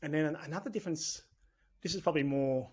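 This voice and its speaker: Fast and fairly high-pitched, the man's voice is a little mellow with a slightly rough edge. He's an Australian business owner on a podcast, chatting candidly and rambling in a casual conversational interview.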